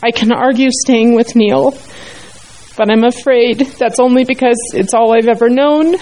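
A woman speaking in a support group, her voice mellow and dark. She reads a heartfelt letter aloud in an emotional, halting way. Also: fairly high pitch, fairly even intonation, rough recording.

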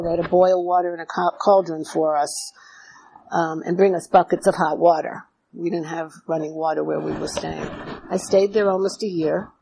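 Middle-aged woman, husky low voice, telling her recovery story, candid and self-mocking. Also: darkish tone, poor audio. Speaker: recovery speaker.

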